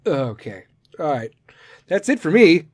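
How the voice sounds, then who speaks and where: A foul-mouthed man ranting straight at his listeners, blunt and combative, with a fairly high voice. His volume swings from loud to soft, and the recording is dry and close, with no room sound. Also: very animated, a little slow, dry recording. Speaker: podcast segment host. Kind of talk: profane rant to listeners.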